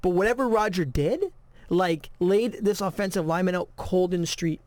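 A man co-hosting a podcast, telling animated stories in casual chat, with many repeated starts. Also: high-pitched, normal speed, dry recording. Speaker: podcast co-host.

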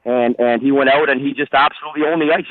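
A man's voice: medium pitch, steady tone, fast talker, no room sound. Man talking hockey over a tinny phone line. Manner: rambling, many restarts and fillers. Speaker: hockey historian guest. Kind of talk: phone-in radio interview.

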